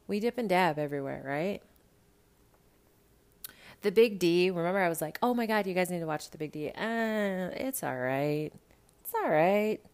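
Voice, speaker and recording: A woman hosting a podcast in casual chat, animated and profane, talking straight to her listeners about reality TV. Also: low voice. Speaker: podcast host.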